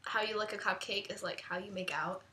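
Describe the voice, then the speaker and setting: A woman's voice: mid-range voice, steady tone, fairly quick, pushed and bright. A teenage girl vlogging, chatting playfully with a friend and giggling between lines. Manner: giggly, playful, talks in fits and starts. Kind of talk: casual chat.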